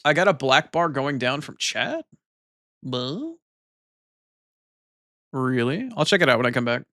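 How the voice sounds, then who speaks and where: A man's voice: medium pitch, very animated, measured pace, pushed and bright, dry recording, clean studio sound. A man streaming live, bantering with his chat casually, teasing and swearing freely.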